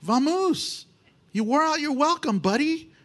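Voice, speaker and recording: Guy putting on a high pushy witch lady, impatient and slangy, shooing someone out. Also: lively intonation, unhurried, fairly bright tone, full character voice. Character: exasperated witch woman shooing a king out.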